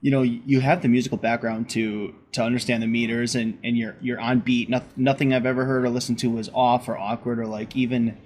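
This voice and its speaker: A man's voice: medium pitch, little pitch movement, brisk, few pauses, a little mellow. A man hosting a casual interview, talking in an enthusiastic, chatty way with frequent laughter. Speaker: podcast host. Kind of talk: casual conversation.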